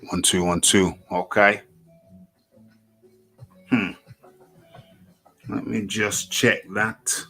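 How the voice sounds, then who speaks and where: A man's voice: fairly low pitch, steady tone, extremely slow, vocal fry, long pauses, sharp tone, husky, faint music behind, low-quality recording. A man with a northern English accent hosting a boxing livestream, chatting casually to himself and repeating phrases as he adjusts his setup. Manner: repeats phrases, talks to himself while fiddling with settings. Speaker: host of a boxing talk livestream.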